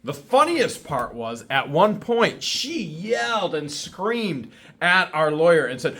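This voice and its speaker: A man's voice: on the high side, expressive, takes it slowly, bright, forceful tone. A man vlogging an indignant, scornful rant to camera, repeating himself for emphasis. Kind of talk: ranting commentary to camera.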